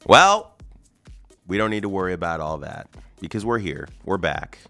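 Deep gravelly man joking on radio. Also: fairly quick, soft background music. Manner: rambling, joking, self-deprecating. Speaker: radio show co-host. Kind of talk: casual banter. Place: radio studio.

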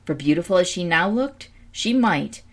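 A woman reading a storybook aloud at a steady pace, now and then stumbling and correcting herself. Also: lowish voice, moderate pace. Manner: steady reading with small slips and self-corrections. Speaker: storybook reader.

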